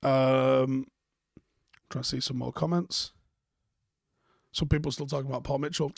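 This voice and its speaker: A man's voice: mid-range voice, steady tone, measured pace, gravelly, dry recording, clean studio sound. A man hosting a live stream, chatting casually and bluntly while reading out viewer comments, swearing freely.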